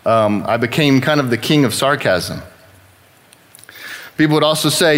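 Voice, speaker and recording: A man's voice: mid-range voice, normal speed, pauses often, fairly bright tone. A man from Texas giving a sermon-style personal testimony in church, talking in a conversational, wry and self-deprecating way.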